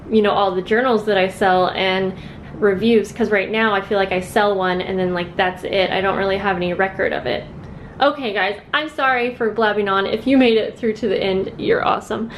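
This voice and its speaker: A young woman talks casually to her viewers in an earnest, rambling way, her voice sitting in a middle pitch. A faint low rumble hums under the recording. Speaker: craft vlogger. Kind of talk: casual chat to camera. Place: at home.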